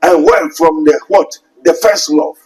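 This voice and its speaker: A man's voice: fairly high pitch, steady tone, a little slow, a little mellow, low-quality recording. A man with a Ghanaian English accent preaching a sermon, quoting scripture and asking rhetorical questions emphatically. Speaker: pastor.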